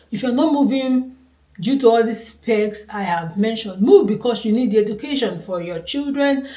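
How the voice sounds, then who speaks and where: A Nigerian woman with a Nigerian accent talks to camera as a vlogger, sharing her opinion casually in a slightly high, warm voice. She's earnest and emphatic, repeating points for stress, and the room has a noticeable echo.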